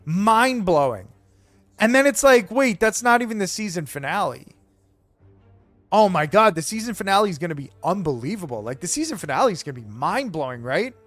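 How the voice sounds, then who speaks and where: A man streaming live, talking in a rambling, excitable, profane rant to his chat. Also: high-pitched, brisk, no echo, soft background music. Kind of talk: casual chat while live streaming a game.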